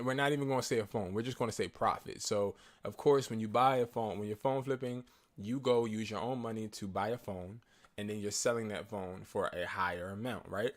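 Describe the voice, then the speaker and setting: Sick man coaching phone flipping. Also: mid-range voice. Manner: talks slowly and quietly, grows louder and heated. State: sick, trying not to cough. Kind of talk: casual talk to camera.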